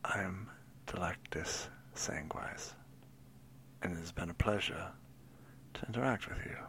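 A man's voice: low voice, a little slow, bright, forceful tone, whispered. A man playing a tabletop role-play game, talking in a dry, sarcastic, terse way. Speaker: player.

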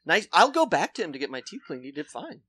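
A man's voice: a little high, big pitch swings, fast, pushed and bright, slightly rough. A man co-hosting a comedy podcast, telling profane, self-mocking stories in casual chat. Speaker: podcast co-host.

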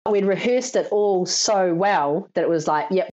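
In a muffled recording, a woman with a medium-pitched voice talks at normal speed with few pauses. She's a stunt performer in her thirties from New Zealand, animatedly recounting stories in a casual interview, laughing a lot and performing others' quoted lines.

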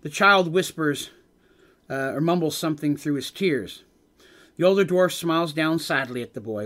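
A man's voice: fairly high pitch, normal speed, a bit bright. Man retelling a tabletop game. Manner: storytelling, dramatic narration with asides. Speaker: game master.

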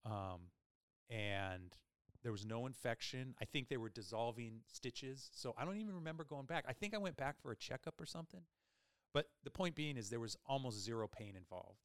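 A man hosting a podcast, telling a long personal story in a casual, animated way with many fillers. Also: mid-range voice, normal speed, smooth, dry recording, clean studio sound. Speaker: podcast host.

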